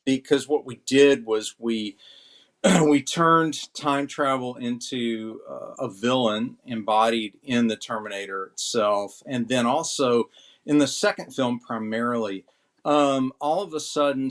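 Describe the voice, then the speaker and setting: A man co-hosting a relaxed panel discussion, with a voice of middling pitch. He jokes and riffs easily, and his delivery is playful and expansive. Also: measured pace. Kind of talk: casual panel chat.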